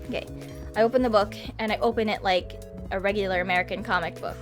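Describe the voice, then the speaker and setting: A young adult woman telling a story in casual vlog style into a webcam mic, chatty and animated, with frequent laughs and sighs. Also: medium pitch, fast talker, over music. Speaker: vlogger. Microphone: webcam microphone.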